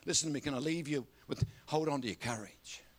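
An older Australian man preaching a sermon, telling a story with lively energy and often calling out to the congregation. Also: a little high, fast talker. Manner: animated storytelling with repeated audience call-outs.

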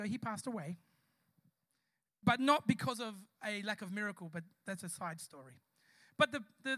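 A man delivers an impassioned sermon, calling out to the congregation as he preaches. His voice sits high and bright. The sound is dry and close, with little room echo. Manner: impassioned, addresses the congregation directly. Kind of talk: live church sermon with storytelling. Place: church service before a congregation.

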